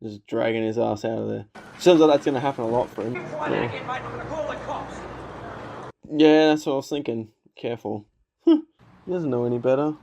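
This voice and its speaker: A man's voice: medium pitch, normal speed, vocal fry, pauses often, warm tone, lo-fi sound, slight background noise. A man giving a casual movie reaction commentary, laughing often, swearing and filling with "like" and "you know".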